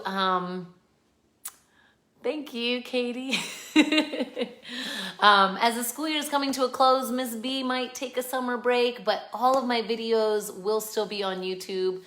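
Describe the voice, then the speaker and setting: A woman's voice: on the high side, fairly bright tone. A woman hosting a children's read-aloud, reading a picture book expressively and chatting with viewers between pages. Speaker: children's book reader, channel host. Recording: echoey room.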